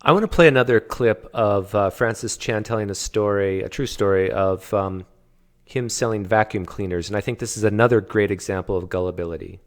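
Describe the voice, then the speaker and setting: A male narrator posing slow, deliberate questions between clips. His voice is low and gravelly. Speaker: video narrator.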